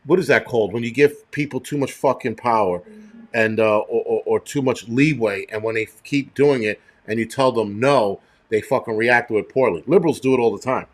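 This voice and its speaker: A man's voice: medium pitch, fairly quick. Middle-aged guy cussing and rambling on his livestream, thanking chat. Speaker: show host. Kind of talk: casual livestream commentary.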